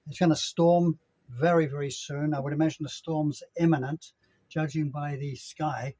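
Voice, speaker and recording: A man's voice: on the high side, fairly even intonation, moderate pace, mellow, low-quality recording. An older man chatting casually to his phone camera outdoors, rambling and correcting himself as he goes. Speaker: vlogger. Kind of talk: casual vlog chat. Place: outdoors at a gated apartment complex in Mexico. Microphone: handheld phone camera.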